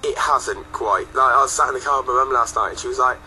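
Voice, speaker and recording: Young guy chatting on the radio, relaxed storyteller, bright voice. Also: medium pitch, quick pace, slight background noise, low-quality recording. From England. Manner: laid-back, chatty storytelling. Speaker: guest singer. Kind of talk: casual radio chat. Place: radio studio.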